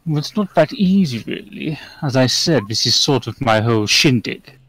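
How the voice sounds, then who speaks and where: A man's voice: mid-range voice, lively intonation, normal speed, a bit bright, husky, no room sound, poor audio. A man voicing a sly, smug male devil who talks with an amused drawl. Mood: dismissive.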